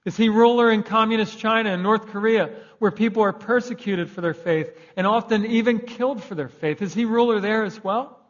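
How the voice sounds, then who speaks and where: Young guy pastor preaching, kinda high voice, sounds a bit dull and lo-fi, gets loud to make a point. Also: brisk, few pauses. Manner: conversational preaching, swings loud for emphasis. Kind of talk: sermon. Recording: dull lo-fi recording.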